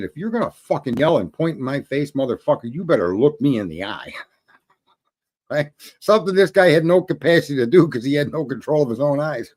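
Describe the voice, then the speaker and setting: A middle-aged man holds forth in a rambling, profane story, swaggering and amused with himself. His voice sits at an ordinary pitch, and he jumps between quiet asides and louder punchlines. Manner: crude, swaggering, laughs at his own story. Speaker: show host telling a story.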